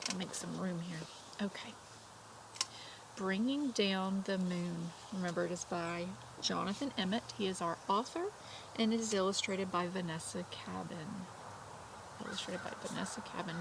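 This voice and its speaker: Heavy background noise surrounds a woman kindergarten teacher reading a picture book aloud to young children in a medium-pitched voice with vocal fry. She stops to chat and ask questions, giving the characters their own voices.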